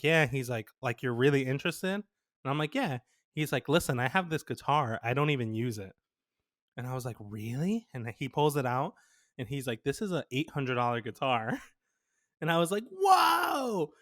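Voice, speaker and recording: A young man with a mid-range voice co-hosts a podcast, chatting casually as he tells an animated story, laughing often and quoting what people said. The recording is clean studio sound with no room sound.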